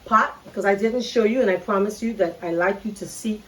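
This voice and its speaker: A woman's voice: medium pitch, a little fast, a bit bright, far from the mic, rough recording. A middle-aged woman with a Bahamian accent, hosting a casual cooking video and chatting straight to her viewers. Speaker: cooking show host. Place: home kitchen. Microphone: phone camera.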